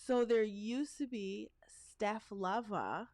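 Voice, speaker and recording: A woman's voice: mid-range voice, takes it slowly, darkish tone, dry recording, clean studio sound. Chatty middle-aged woman podcast host. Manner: chatty storyteller, rambling asides. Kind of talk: casual chat.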